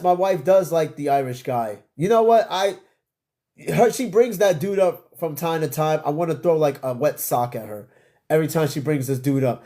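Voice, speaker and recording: A man's voice: on the high side, a little mellow. A tired man with an old-school New York accent, hosting a podcast as a casual solo live stream, rambling and swearing as he answers comments. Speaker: podcast host.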